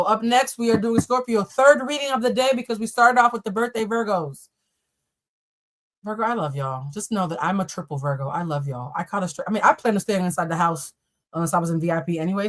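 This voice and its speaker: This tarot reader is a young woman on a live stream whose voice is lowish yet fairly bright. She keeps up a casual banter with viewers, full of swearing and side remarks.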